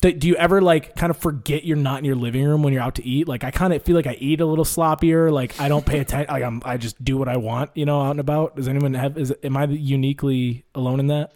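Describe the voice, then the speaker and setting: A man's voice: mid-range voice, fast, hardly any pauses. A young man hosting a casual chat with friends, telling stories with lots of laughs. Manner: animated storyteller, laughs often.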